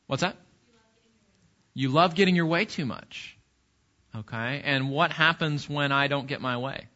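A middle-aged man teaches a Sunday school Bible class at church in a fairly high, pushed, bright voice at an unhurried pace. He repeats his words as he goes and keeps asking the class questions, captured on a dull lo-fi recording.

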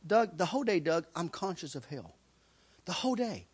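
Animated man with a lively high voice. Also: moderate pace, breathy edge. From Kentucky. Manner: repeats phrases for emphasis, chuckles through the telling. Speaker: guest sharing his testimony. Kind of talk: animated personal testimony storytelling.

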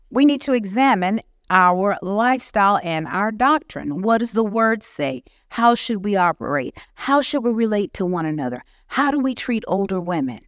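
A woman preaching to a women's session at church, lively and conversational. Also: medium pitch, no room sound, studio quality. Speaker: guest speaker. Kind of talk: teaching sermon. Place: church hall.

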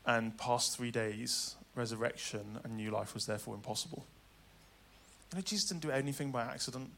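A man preaching a sermon dramatically, swinging between loud urgency and hushed tenderness. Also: mid-range voice, fairly quick, vocal fry, a little hiss or hum.

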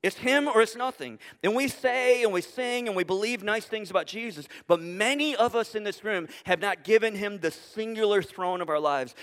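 A man's voice: sits high, fairly bright tone. A man preaching a sermon as pastor to a congregation in a church, building his points through emphatic repetition and rhetorical questions. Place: church sanctuary before a congregation. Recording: long hall reverb.

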